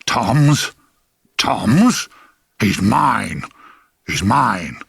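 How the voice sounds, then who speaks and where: A bellowing, possessive old grandfather, put on by a man reading his memoir. He coos and then snarls, the voice jumping high and loud in his outbursts. The sound is close and dry, with no room around it. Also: very animated, fairly quick, vocal fry, slightly rough, no room sound, heavily acted. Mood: raging. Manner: doting then roaring, snarling.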